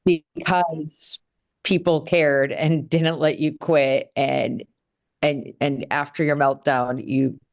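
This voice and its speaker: A woman's voice: deep voice, steady tone, slow. Woman hosting a panel discussion. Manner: encouraging, asks open questions. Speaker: host and moderator.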